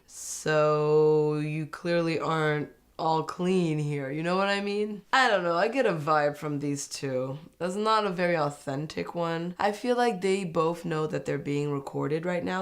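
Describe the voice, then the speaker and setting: Chatty, sarcastic young woman. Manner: chatty, sarcastic, mimics people in high mocking voices. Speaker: reality TV recap vlogger. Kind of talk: casual opinionated recap.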